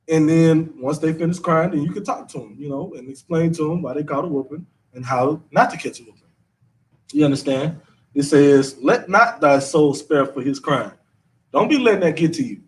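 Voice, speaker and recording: A man's voice: fairly high pitch, recorded from a distance. A man, teaching a scripture class in a casual, repetitive, slangy way. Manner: conversational, repeats himself, drawling slang.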